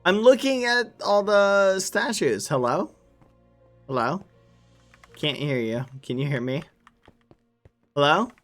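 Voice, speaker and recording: A man's voice: sits high, animated, takes it slowly, long pauses, a bit bright, soft background music. A man streaming a game, chatting casually with teammates in a friendly, reassuring way. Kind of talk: casual gaming stream chat.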